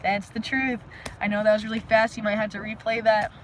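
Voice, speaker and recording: A woman hosting a casual live stream outdoors, talking energetically and rambling to her viewers with lots of fillers and sudden loud bursts. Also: medium pitch, flat delivery, brisk, a little hiss or hum, rough recording. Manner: frequent "like" fillers. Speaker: livestream host. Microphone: phone live stream.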